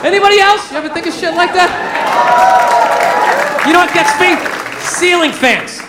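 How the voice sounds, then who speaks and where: A man performing a stand-up comedy set in a club, telling profane, animated stories. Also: extremely high pitch, normal speed. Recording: echoey club with crowd noise. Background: audience laughter.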